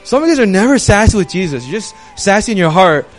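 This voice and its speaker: A young male preacher delivers a relaxed, conversational sermon full of slang and lively emphasis. His voice sits a bit high for a man. Soft music plays faintly underneath. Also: fast. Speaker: youth pastor. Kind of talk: casual sermon.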